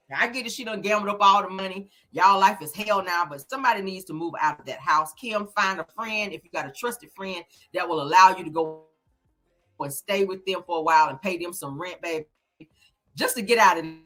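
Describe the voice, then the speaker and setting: A woman's voice: fairly high pitch, bright, forceful tone. A woman hosting a casual celebrity gossip commentary, blunt and emphatic, swearing freely. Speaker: host.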